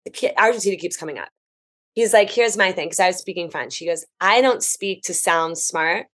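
An American woman, a travel writer guesting on a podcast, telling stories in a chatty, animated, enthusiastic way. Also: fairly low pitch, fairly quick. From United States. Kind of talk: casual podcast chat.

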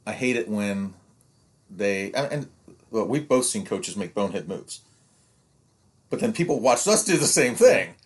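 On a podcast he co-hosts, a youth sports coach in his fifties chats loosely and rambles, with restarts and acted-out quotes from parents. His voice is on the low side and sing-song, unhurried, with frequent pauses.

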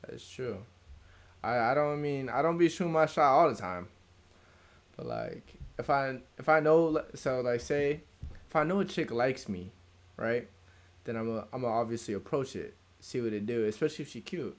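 A man's voice: medium pitch, expressive, normal speed. Laid-back young man, slangy banter. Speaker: podcast co-host. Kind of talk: casual chat. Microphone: podcast mic.

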